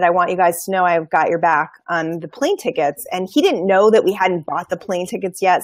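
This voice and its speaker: A woman's voice: lowish voice, no room sound, studio quality. A woman in a casual conversation, talking about manifesting in an enthusiastic, earnest way. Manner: enthusiastic, earnest spiritual talk.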